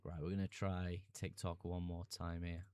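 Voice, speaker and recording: A young man chats on a live stream in a relaxed, easygoing way, reading out viewer comments and laughing as he goes. His voice sits fairly low and sounds smooth and clear. It comes across as close and dry, with no room sound. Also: moderate pace, dry recording. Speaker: fantasy football streamer. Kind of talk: casual live-stream chat.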